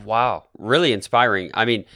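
A man's voice: lowish voice, normal speed, bright, forceful tone, no echo, studio quality. A man hosting a comedy podcast, feeding absurd claims in an earnest, mock-serious way. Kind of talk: improvised comedy chat.

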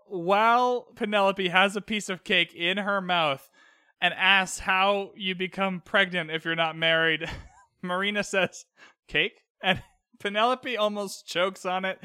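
Young guy recapping an episode, high voice, super chatty, dry clean sound. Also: clear, resonant tone, no room sound. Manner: chatty, animated, quick asides and mock outbursts. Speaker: show reviewer.

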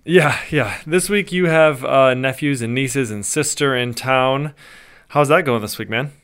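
A man's voice: medium pitch, a little slow, fairly bright tone, clear, resonant tone. A man co-hosting a podcast, chatting casually in a talkative, rambling way. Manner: talkative, rambling, with many fillers and restarts. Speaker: podcast co-host. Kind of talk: casual chat.

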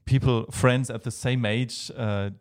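A man with a German accent, a Baroque violinist talking as a guest in a relaxed interview, hesitant with many fillers and light laughs. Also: medium pitch, unhurried. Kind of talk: casual interview chat.

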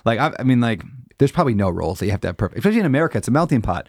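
Guy hosting a podcast, talks fast, easygoing, says like a lot. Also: lowish voice, big pitch swings, no room sound, studio quality. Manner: agreeable, lots of yeah and filler like. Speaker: podcast host. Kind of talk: casual podcast chat.

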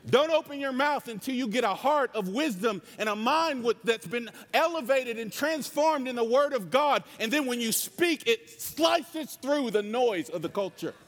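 Man, North Carolina accent, impassioned sermon, high voice, long hall echo. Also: expressive, moderate pace, few pauses, a bit bright. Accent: Southern US, North Carolina. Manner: passionate, impassioned preaching. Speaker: preacher.

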